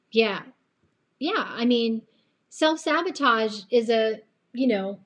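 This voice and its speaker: A woman with a slightly tired voice giving an earnest, chatty faith-based motivational talk on a live stream, rambling and laughing often. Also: mid-range voice. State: voice a bit tired late at night. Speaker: live-stream host and coach.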